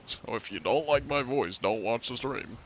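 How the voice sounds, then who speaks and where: A deep-voiced man chatting casually while live-streaming a game, laid-back and wry, swearing offhandedly. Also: normal speed, a little hiss or hum.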